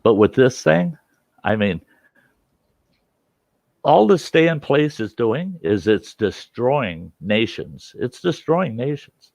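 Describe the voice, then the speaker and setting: A man's voice: mid-range voice, sing-song, slow, vocal fry, pauses often, darkish tone, dry recording. A man from the United States hosting a talk show, arguing insistently and repeating his points. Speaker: host. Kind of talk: heated casual debate.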